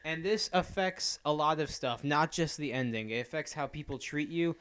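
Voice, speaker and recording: A man's voice: on the high side, normal speed, fairly bright tone, smooth, dry recording. A young man co-hosting a casual podcast, rambling enthusiastically about a video game with plenty of fillers. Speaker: podcast co-host. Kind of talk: casual chat.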